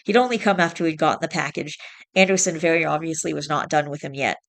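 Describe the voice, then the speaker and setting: A woman reading a novel aloud in a plain, steady storytelling manner, with small slips along the way. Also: low voice, quick pace, gravelly. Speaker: reader.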